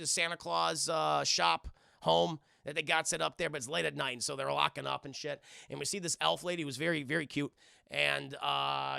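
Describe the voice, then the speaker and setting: A man casually recapping a film scene by scene for his live chat, rambling and profane, acting out the characters in quick voices. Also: on the high side, vocal fry, bright, forceful tone, no echo, studio quality. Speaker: film review streamer.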